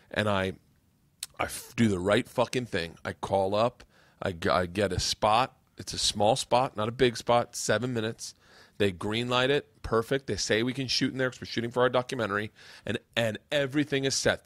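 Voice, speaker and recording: Profane, animated male comedian host. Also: mid-range voice, no room sound. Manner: profane, animated, swears freely. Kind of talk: casual storytelling.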